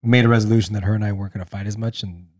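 A man's voice: fairly low pitch, fairly even intonation, racing, darkish tone. A man co-hosting a casual family podcast, joking and mimicking his kids. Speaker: podcast co-host.

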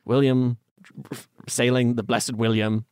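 A man's voice: medium pitch, little pitch movement, slow pace, a little mellow, clean tone, no echo, studio quality. A man co-hosting a casual storytelling chat, joking and slipping into silly voices now and then. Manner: jokey, puts on silly voices. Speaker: podcast co-host.

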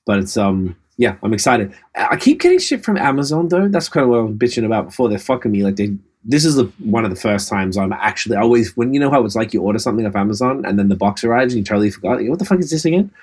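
A man's voice: on the low side, animated, rapid-fire, few pauses, a little mellow, breathy edge. A man co-hosting a podcast, telling rambling, profane stories in casual chat. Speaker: podcast co-host.

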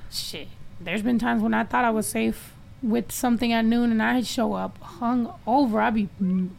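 Brief: high-voiced woman host, raspy fry, loose profane banter. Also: steady tone, moderate pace, darkish tone, poor audio. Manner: loose, swearing, laughing asides. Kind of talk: casual chat over drinks.

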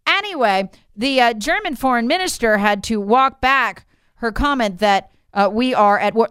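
A woman's voice: mid-range voice, moderate pace, fairly bright tone, clear, resonant tone, dry recording, clean studio sound. An American woman giving emphatic, incredulous opinion commentary, leaning on rhetorical questions. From United States. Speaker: political commentator.

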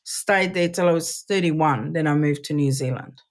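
A woman's voice: deep voice, moderate pace. Lady comic, blunt and direct, just chatting. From South Africa. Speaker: comedian guest. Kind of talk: casual chat.

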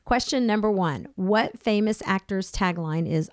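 A woman of middling pitch hosts a trivia round with an upbeat, bubbly manner. Her voice sounds dry and close, with no room around it. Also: a little slow, dry recording. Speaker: co-host. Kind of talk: casual chat.

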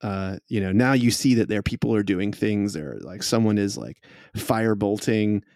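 A man running a tabletop game as game master, describing scenes slowly with many fillers. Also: fairly low pitch, a little mellow, no echo, clean studio sound.

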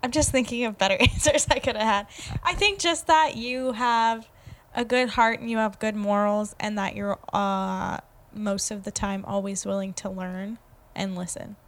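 A woman guesting on a podcast talks in a casual, unhurried way. Her voice sits at a middle pitch. She hesitates often and teases gently. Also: steady tone. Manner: hesitant, laughs often, teasing. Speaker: guest, host's partner. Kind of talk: casual chat.

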